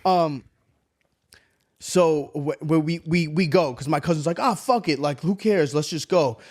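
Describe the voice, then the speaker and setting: Profane, animated male storyteller. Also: on the high side, measured pace. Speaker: podcast co-host. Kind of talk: casual storytelling chat.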